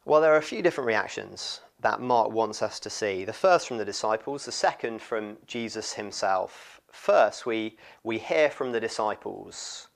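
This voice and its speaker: Guy preaching, gravelly voice, gets animated and does little voices for the people in the story. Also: on the low side, normal speed, hardly any pauses. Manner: expressive, acts out quoted voices. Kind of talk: sermon.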